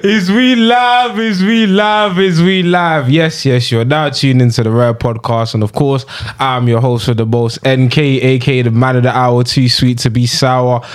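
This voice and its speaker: A man's voice: medium pitch, moderate pace, few pauses, clear, resonant tone. A young man hosting a podcast, with a playful hype-man intro and slangy casual questions. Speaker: podcast host. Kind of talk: casual chat.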